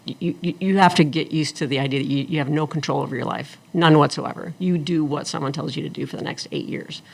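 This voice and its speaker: A middle-aged woman telling her story as an interview guest, animated and acting out the people she quotes. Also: low voice, fast, creaky, slightly rough. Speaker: guest, attorney and former engineer.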